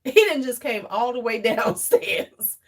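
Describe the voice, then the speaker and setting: A middle-aged woman hosts a casual live chat with viewers from home, blunt and joking and swearing freely, then cooing and fussing over a toddler. Her voice is on the high side, very animated, and unhurried.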